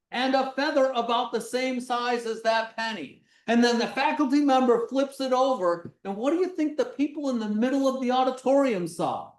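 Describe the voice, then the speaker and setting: In a roomy space, an animated physics demonstrator presents a live workshop, acting things out and speaking loudly. The medium-pitched voice is recorded from a distance, away from the mic.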